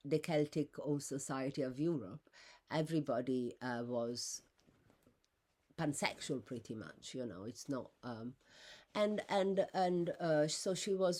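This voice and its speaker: A woman talking unscripted about her own life, rambling with fillers and restarts, her voice jumping high when she is indignant. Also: a little slow, a little mellow. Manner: rises sharply in pitch when indignant. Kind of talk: unscripted personal monologue.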